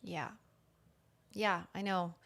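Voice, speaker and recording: A woman hosting a casual conversation, talking in a reflective, halting way with many fillers. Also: fairly low pitch, steady tone, gravelly, fairly bright tone. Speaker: host.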